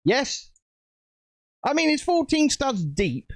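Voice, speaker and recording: Chatty male streamer: lively, rambling, dry close sound. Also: very high-pitched, slow pace, dry recording. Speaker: streamer host. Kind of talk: casual live-stream chat while building.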